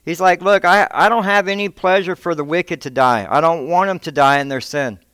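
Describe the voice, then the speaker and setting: A man's voice: normal speed, a bit bright, smooth, no room sound. A man preaching a sermon as a pastor, impassioned, often repeating words as he builds his points. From Texas, United States. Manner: impassioned, rising in pitch and force when quoting God; repeats words and restarts phrases. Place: church.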